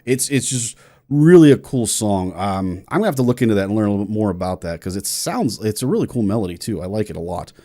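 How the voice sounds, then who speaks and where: A man's voice: lowish voice, lively intonation, quick pace, mellow. Enthusiastic male music teacher reacting. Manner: enthusiastic, explains theory in plain terms, restarts often. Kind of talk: casual reaction and music analysis.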